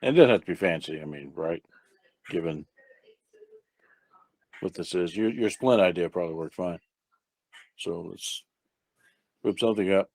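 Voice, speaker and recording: A man playing a tabletop game, with a fairly low voice that sounds dry and close. He talks casually, thinking aloud as he lays out his plan. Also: moderate pace, creaky, long pauses, darkish tone, breathy edge, no echo. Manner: thinking aloud, loose planning. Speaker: player.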